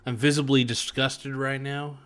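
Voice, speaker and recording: A man's voice: mid-range voice, flat delivery, unhurried, fairly bright tone, smooth. A man as a podcast guest in casual chat, crude, joking and rambling.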